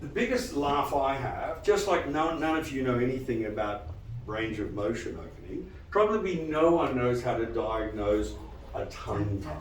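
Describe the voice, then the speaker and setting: A man giving a live lecture to dentists, animated and quizzing the audience with frequent questions. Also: medium pitch, normal speed, echoey room, recorded from a distance, a little hiss or hum, poor audio. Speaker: dental lecturer.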